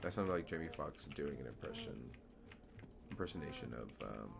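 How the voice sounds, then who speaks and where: A man's voice: extremely low pitch, animated, normal speed, creaky. A man streaming a building game, chatting casually and rambling with a self-mocking humor. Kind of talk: casual gameplay commentary.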